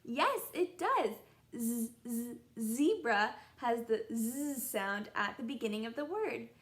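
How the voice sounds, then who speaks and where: A young woman teaching a children's phonics lesson, sounding out letters in a slow, encouraging sing-song way. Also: fairly high pitch, lively intonation. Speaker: kindergarten teacher.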